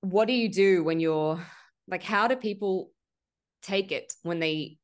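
A woman's voice: lowish voice, a little slow. A woman hosting a podcast in casual conversation, candid and frank, swearing freely and acting out her past self in quoted asides. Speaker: podcast host.

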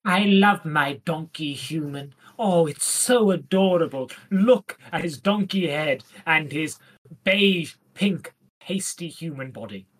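A woman co-hosting a casual comedy podcast, talking in a deadpan, playful way and slipping into silly voices. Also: sits low, slow. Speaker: podcast co-host. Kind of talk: casual comedic chat about Shakespeare.

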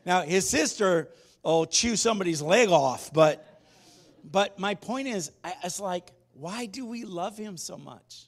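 A man preaching a sermon as pastor, telling stories in an animated way and moving between loud and hushed delivery. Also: high voice, measured pace. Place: church sanctuary.

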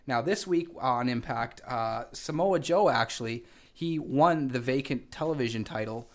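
A man co-hosting a wrestling radio show with a middle-pitched voice. He recaps the week's events in a loose, rambling way, often stopping to restart a sentence. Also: moderate pace. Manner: rambling with frequent fillers and restarts. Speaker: co-host. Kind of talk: casual wrestling radio chat.

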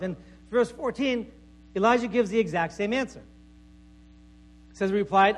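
A male pastor preaching a sermon before a congregation in a conversational way, checking in with "right?" and dropping to a soft voice for emphasis. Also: sits high, moderate pace, pauses often. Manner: conversational preaching with frequent "right?" tag questions and stammered repeats; drops to soft, quiet tones for emphasis.

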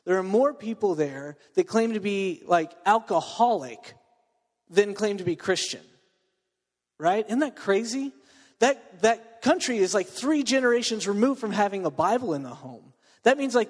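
Guy preaching in a church, chatty storytelling w/ lots of "like" and "right?", kinda high voice, hall echo. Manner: storytelling with filler words and asides. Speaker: pastor. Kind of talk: sermon.

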